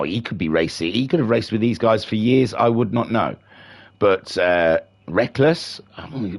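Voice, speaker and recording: A man's voice: on the low side, vocal fry. A man doing live commentary for a sim racing league stream, chatty and rambling, with self-deprecating asides. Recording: music playing behind voice. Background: music.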